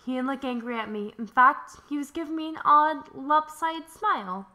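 A young woman hosting a let's play, reading a visual novel aloud in an animated, playful way with jokes and swearing. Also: high-pitched, normal speed.

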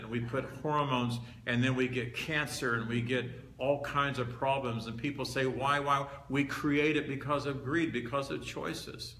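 Here a man with a medium-pitched, slightly bright voice teaches from the pulpit to a live crowd gathered in a meeting hall. He talks conversationally but with emphasis, pressing repeated key words. There's a spacious hall echo and a faint background hiss.

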